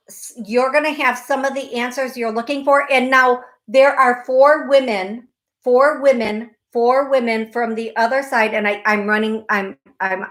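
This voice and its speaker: Effusive psychic host, high voice. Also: female voice, fairly bright tone. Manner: effusive, emphatic, repeats phrases. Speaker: psychic medium radio show host. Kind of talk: call-in psychic reading.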